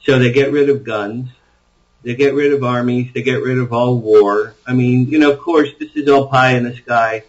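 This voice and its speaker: A man's voice: medium pitch, steady tone, normal speed, dull audio. A man being interviewed as an author, talking eagerly and at length, often restarting his sentences. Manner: enthusiastic, rambling storyteller with frequent restarts. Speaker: author guest. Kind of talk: interview conversation.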